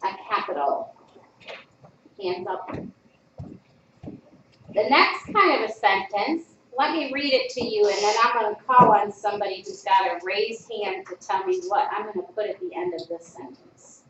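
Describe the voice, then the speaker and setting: A woman teaching a classroom phonics lesson, drawing out sounds and giving clear prompts to the class. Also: medium pitch, normal speed, a bit bright. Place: school classroom. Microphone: distant camera mic. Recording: echoey classroom, distant, dull, noisy. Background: classroom noise.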